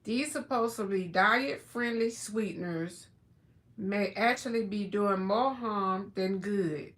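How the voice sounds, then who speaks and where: A woman hosting a casual livestream from home, chatting and reading food labels aloud in a drawn-out way with plenty of fillers. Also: medium pitch, a bit bright. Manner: chatty, slow, drawn-out words, many fillers. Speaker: livestream host.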